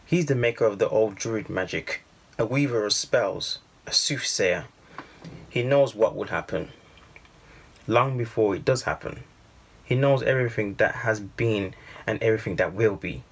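A man's voice: lowish voice, moderate pace, breathy edge. A man reading the lines of a mocking, scornful young man in a storybook. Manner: scoffing, growling.

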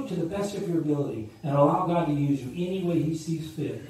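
A man's voice: on the high side, lively intonation, quick pace, few pauses, warm tone. A man preaching a sermon as pastor, telling stories and rising and falling in emphasis. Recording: echoey room from far off with faint ambience.

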